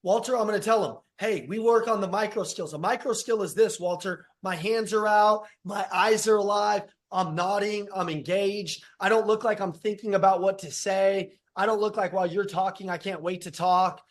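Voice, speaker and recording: A man's voice: high voice, fairly even intonation, normal speed, few pauses. A man coaching a sales team in a punchy, repetitive, fired-up style, addressing team members by name. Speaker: sales trainer. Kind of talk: energetic sales coaching talk.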